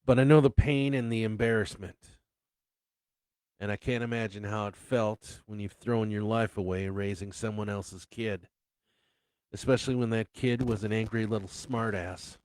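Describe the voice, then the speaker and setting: A man voicing a grown son who is grieving and quick to anger, speaking in stammering, defensive bursts. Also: lowish voice, fairly even intonation, darkish tone, dry recording, clean studio sound, lightly acted. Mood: sympathetic.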